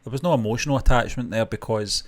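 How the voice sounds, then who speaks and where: A man's voice: mid-range voice, fast. A man co-hosting a casual TV reaction chat, rambling and hesitant with frequent restarts. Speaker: co-host.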